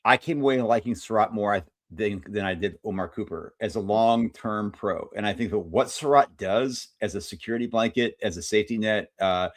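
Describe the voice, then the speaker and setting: A man's voice: fairly low pitch, normal speed, few pauses, no echo, clean studio sound. Stammering man talking football. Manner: stammering restarts, thinking aloud. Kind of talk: casual stream discussion.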